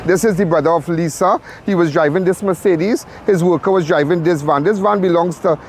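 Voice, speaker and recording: A man's voice: high-pitched, fairly quick, background noise. A man hosting a crime show, giving urgent, repetitive live commentary from a crime scene.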